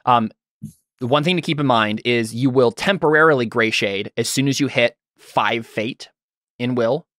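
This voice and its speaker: A man's voice: mid-range voice, moderate pace, fairly bright tone, no echo, studio quality. A man running a tabletop game as game master, patiently explaining the rules with frequent ums and restarts.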